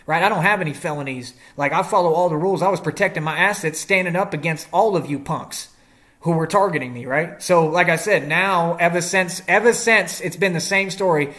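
A man's voice: a little high, brisk, fairly bright tone. A young man in a confrontational rant to the camera, defiant and combative, using slangy street talk and rhetorical questions. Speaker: vlogger.

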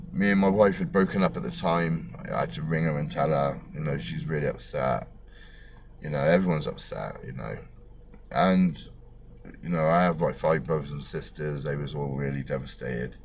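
Casting: bloke, thirties, very low voice, blunt and sweary, plays out the dialogue himself. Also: male voice, a little hiss or hum. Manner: animated, acts out dialogue with big pitch jumps. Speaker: storyteller. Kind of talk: personal storytelling to camera.

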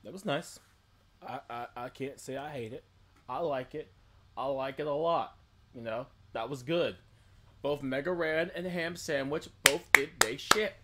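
A man's voice: mid-range voice, unhurried, background noise. A man hosting a reaction video, who talks in a playful, joking way and cheers along with short interjections. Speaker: reaction channel host. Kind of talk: casual reaction commentary.

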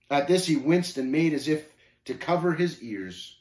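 A man reading a story aloud, narrating with expressive storytelling. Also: on the high side, normal speed, roomy sound. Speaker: reader.

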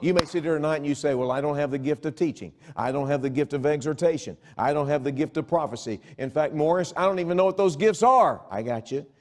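Animated man preaching a revival sermon. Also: mid-range voice. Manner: animated, swings from soft asides to loud exhortation; conversational, acts out imagined listeners. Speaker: evangelist preacher. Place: church sanctuary.

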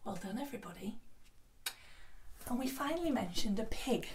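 A woman teaching a children's yoga class in a gentle, encouraging way. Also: on the high side, expressive, moderate pace, pauses often. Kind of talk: guided kids' yoga class. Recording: echoey room, voice from a distance.

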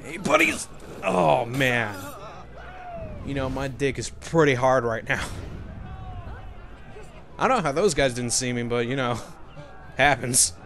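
A man's voice: mid-range voice, measured pace, creaky, long pauses, fairly bright tone. A young man doing let's play commentary, joking, laughing often and making crude asides as he plays. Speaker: gameplay commentator. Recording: background noise.

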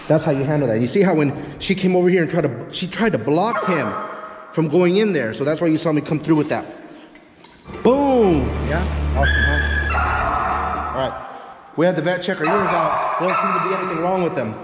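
A man's voice: fairly high pitch, animated, a little fast, big-room sound, background noise. A man with a Texan accent, a dog trainer talking casually and profanely to the camera, his dogs and a helper while he trains.

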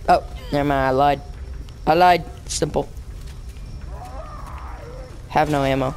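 Young man yelling through a let's play. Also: a little high, steady tone, slow pace, long pauses, a little hiss or hum. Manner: rambling, filler-heavy talk that bursts into yelling at the game. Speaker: gaming channel host.

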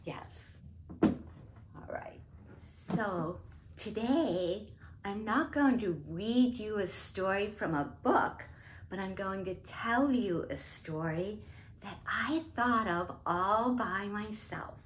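This woman reads to toddlers in a slow, sing-song manner, her mid-range voice full of lively intonation and her words exaggerated for little ones. A slight hiss or hum sits under the recording.

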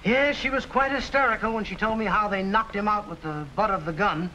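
A man's voice: sits high, a little fast, bright, forceful tone, lo-fi sound, a little hiss or hum. A man playing an earnest, businesslike police chief in a 1940s radio drama.

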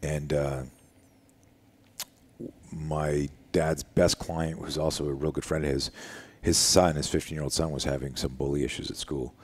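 This middle-aged self-defense instructor has a husky bass voice and talks at a normal speed. Sitting in a living room, he tells a story in casual conversation, animatedly acting out the voices of its characters.

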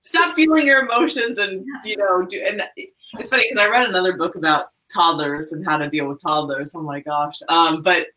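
An interview host chatting in a friendly, relaxed way with guests. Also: mid-range voice, normal speed, low-quality recording. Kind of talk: casual interview chat.

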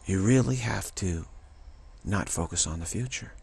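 A man giving a casual spiritual talk to camera, rambling and repeating himself with halting restarts. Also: lowish voice, creaky, darkish tone, a little hiss or hum. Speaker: spiritual vlogger.

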